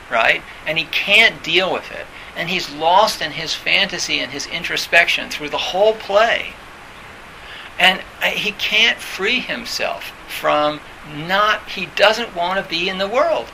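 A man's voice: on the high side, unhurried, gravelly, pushed and bright, poor audio. A man giving a conversational dharma talk, full of fillers and restarts, who acts out quoted voices now and then. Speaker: meditation teacher. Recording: faint hiss.

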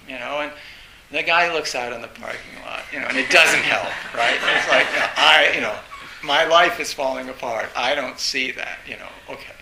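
A man giving an informal dharma talk as a Zen teacher. He speaks haltingly and grows more animated as he retells a story. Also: a little high. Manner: halting, storytelling, recounts a film with rising animation. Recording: roomy echo with faint hiss.

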